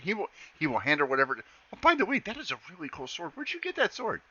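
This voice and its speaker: Lively gm guy, bright forceful voice, dull lo-fi stream sound. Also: a little high, quick pace, husky. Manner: animated, jumps between narration and character voices. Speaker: game master. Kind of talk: narrating and voicing characters in a tabletop game.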